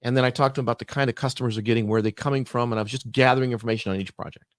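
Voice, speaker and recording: A man's voice: mid-range voice, racing, no room sound. A middle-aged man on a podcast, telling a work story in casual chat and acting out both sides of the dialogue. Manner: animated storyteller, acts out dialogue. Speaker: podcast guest.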